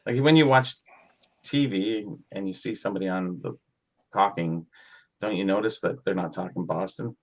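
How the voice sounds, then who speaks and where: A man's voice: low voice, moderate pace. A man chatting casually on a podcast, rambling and self-deprecating.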